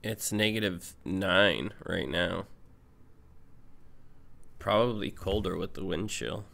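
Slow, gravelly man reacting. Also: low-pitched, bright, forceful tone. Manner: amused, laughs often, breaks into asides. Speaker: reaction video host. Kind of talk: casual reaction commentary.

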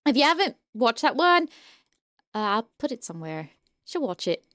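A woman's voice: fairly high pitch, very animated, normal speed, a bit bright, dry recording, clean studio sound. A young woman playing a point-and-click game, chatting casually, reading the game text aloud and humming along. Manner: playful, sings and hums, reads game text aloud. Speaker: gaming streamer. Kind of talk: casual let's-play commentary.

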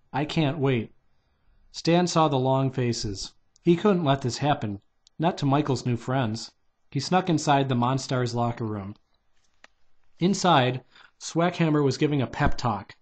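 A man's voice: mid-range voice, unhurried, a little mellow, slightly rough. A man reading a children's novelization aloud in a loose, unpolished way, stopping to redo lines. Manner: loose, unpolished delivery with restarts and "take two" retakes. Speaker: reader.

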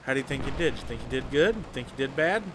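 A man's voice: medium pitch, expressive, rapid-fire, noisy background. A young man streaming a shooter game, chatting casually and teasing his viewers as he plays. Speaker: gaming streamer. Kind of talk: casual live-stream chat while playing.

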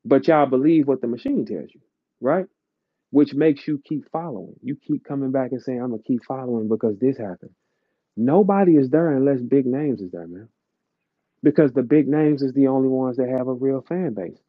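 The host of a live audio chat room lectures his listeners in a blunt, profanity-laced rant. He speaks at a normal speed with a medium pitch and no room sound, and the stream itself is dull and lo-fi.

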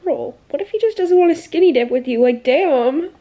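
A woman's voice: high-pitched, lively intonation, moderate pace, dull audio. A young woman in her twenties chatting casually about books as a vlogger, peppering her talk with "like" and reading passages aloud. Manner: chatty, frequent "like", laughing asides, reads passages aloud. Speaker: book vlogger. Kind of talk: casual vlog chat.

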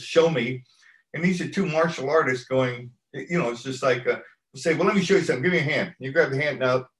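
A man's voice: medium pitch, a bit bright, roomy sound, low-quality recording. A man in an interview telling a long story at an easygoing ramble, acting out what people said. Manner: rambling anecdotal delivery, acts out quoted lines. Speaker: stunt coordinator, interview guest.

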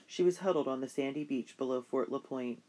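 A middle-pitched voice reads a children's historical novel aloud. The delivery is steady, like a bedtime story, with only light voicing for the characters. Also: a little fast. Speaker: narrator. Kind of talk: audiobook narration of a children's novel.

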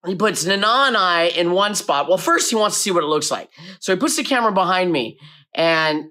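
Bright-voiced man telling a lively anecdote. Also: high voice, fairly quick. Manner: lively, acts out his own past lines. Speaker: actor telling a behind-the-scenes story. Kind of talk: animated storytelling.

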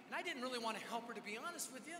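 A man with a very high, sharply bright voice tells a story as a sermon, energetic and quick to poke fun at himself. His voice rings through a large hall with a long reverb and a faint hum of ambience behind it. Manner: energetic, self-mocking storytelling. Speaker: youth event preacher. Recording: echoey hall with live reverb.

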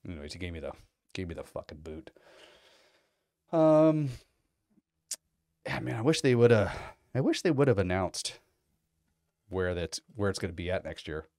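A man's voice: low voice, sing-song, normal speed, pauses often, a little mellow, no room sound, clean studio sound. A man in his thirties chatting casually as a vlogger, telling rambling, profane stories full of fillers. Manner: mimics other people in quoted bits. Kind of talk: casual chat.

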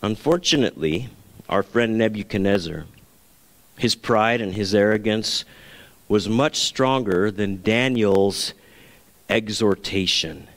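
A man's voice: on the low side, slow, long reverb tail. A man preaching a sermon as pastor, earnest, now and then acting out the voices he quotes.

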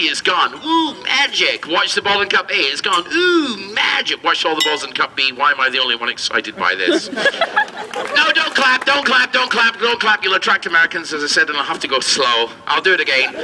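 A man's voice: a little high, big pitch swings, fast talker, creaky, noisy background. A man performing as a street magician, doing cheeky comedy patter and bantering with the crowd at an outdoor show.

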